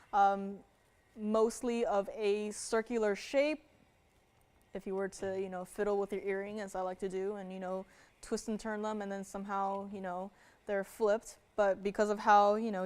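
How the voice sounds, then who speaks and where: A woman's voice: mid-range voice, a little mellow. A woman presenting jewelry on a live home-shopping broadcast. Her delivery is chatty and loose, with many fillers and frequent small laughs between descriptions of stones and prices. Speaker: jewelry shopping show host.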